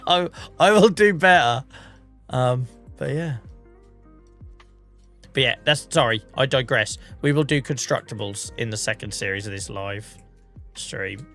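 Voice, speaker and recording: A man's voice: mid-range voice, a little slow, long pauses, fairly bright tone, faint music behind. An English man streaming a farming game, under the weather with a cough, chatting in a rambling, self-mocking way. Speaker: livestreamer. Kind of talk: casual gameplay commentary.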